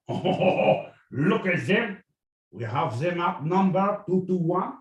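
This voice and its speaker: A man putting on a pompous French army officer with a mock French accent, high and loud. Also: lively intonation, very slow, echoey room, far from the mic, highs cut off, heavily acted. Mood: smug. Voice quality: exaggerated, laughing, high and loud.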